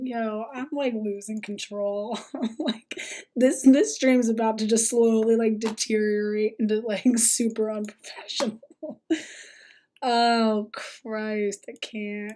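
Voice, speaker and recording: A woman's voice: on the high side, little pitch movement, takes it slowly, dark tone. A young woman streamer reacting to a video in casual commentary, profane and mocking.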